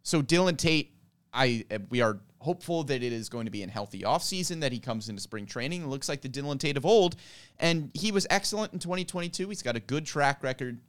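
A man co-hosting a sports podcast, speaking at a middle pitch with a smooth, resonant tone. He moves easily from banter into a methodical, list-like breakdown. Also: animated, fairly quick. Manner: jokey, then lays out a list analytically. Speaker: podcast co-host. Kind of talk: casual sports podcast chat. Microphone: handheld mic.

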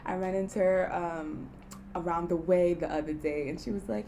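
A young Kenyan woman hosts her own solo podcast, chatting casually, laughing often and leaning on fillers like "you know." Her lowish, dark voice has fairly even intonation and normal speed, with slight background noise.

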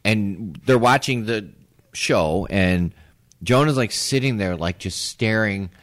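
A man on a podcast telling a rowdy story in casual chat, often laughing and stumbling over his words. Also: lowish voice. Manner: animated, laughing, halting restarts. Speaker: podcast co-host.

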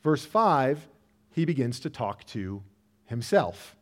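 A man delivers a sermon in an earnest, conversational manner, and his voice sits a little higher than most men's. He often trips over a word and starts again, and he leans on "like" as he talks it through with the congregation. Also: sing-song, unhurried. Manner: earnest, conversational preaching with frequent "like" and restarts. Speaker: pastor. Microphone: church sermon recording.

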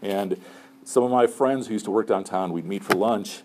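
A middle-aged man gives student leaders casual, conversational advice as a chaplain, often tossing in "right?" and "okay?". His voice sits on the low side. Faint room noise runs behind him. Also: normal speed.

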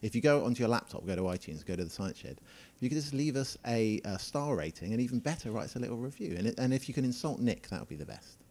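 A British man co-hosting a podcast, chatting casually in a brisk, teasing way. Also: medium pitch, expressive, darkish tone. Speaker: podcast co-host, chemist. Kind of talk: casual chat.

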